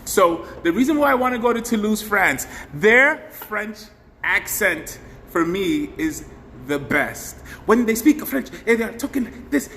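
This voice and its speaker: Effusive male live-stream host, high voice, reverberant room with faint hiss. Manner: effusive, animated, thanks viewers by name. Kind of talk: casual live-stream chat. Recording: faint background noise, long hall reverb.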